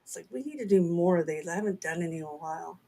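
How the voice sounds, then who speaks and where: A woman's voice: on the low side, animated, fast, gravelly, warm tone. A middle-aged woman with a Southern accent, co-hosting a casual chat and laughing often. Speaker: author and co-host.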